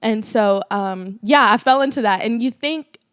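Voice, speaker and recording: A woman's voice: a little high, moderate pace, a bit bright, no room sound, studio quality. A young woman co-hosting a faith podcast, telling a personal story in earnest casual chat with lots of fillers. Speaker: podcast co-host.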